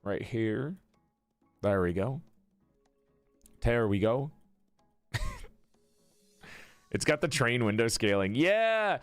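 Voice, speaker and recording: A man's voice: medium pitch, smooth, no echo. A man chatting casually on a live stream while playing a tabletop game, laughing often and talking to his viewers.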